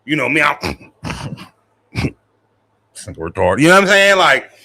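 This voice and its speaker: A man's voice: on the high side, big pitch swings, slow, bright, forceful tone. A young man live-streaming, chatting casually with his viewers in slangy, profane talk and laughing often.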